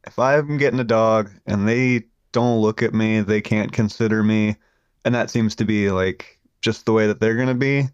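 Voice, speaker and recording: A man co-hosting a podcast, talking in a relaxed, rambling way about what he wants in a dog. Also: lowish voice, normal speed, clean tone, no echo, lo-fi sound. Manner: relaxed, rambling, self-correcting. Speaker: podcast co-host. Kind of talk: casual chat.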